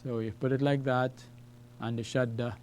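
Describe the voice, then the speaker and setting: A man's voice: medium pitch, level tone, normal speed, darkish tone. A man teaching an Arabic lesson, explaining letters and repeating words so students can follow, often checking in with "okay?". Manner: ends phrases with "all right?" and "okay?". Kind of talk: classroom lesson at a whiteboard.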